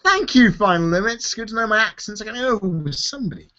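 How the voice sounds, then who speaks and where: A worn-out man runs a casual live-stream Q&A, his voice a bit high and sharply bright. He swears easily and laughs a lot. The stream audio sounds dull and lo-fi. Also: expressive, fairly quick. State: tired. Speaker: YouTube host answering viewer questions.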